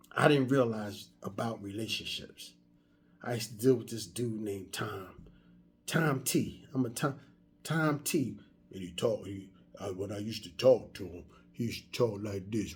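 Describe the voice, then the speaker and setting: This man in his fifties is a vlogger whose medium-pitched voice is expressive, a little mellow and slightly rough, at a normal pace. His motivational talk is casual and story-driven, full of repeated restarts.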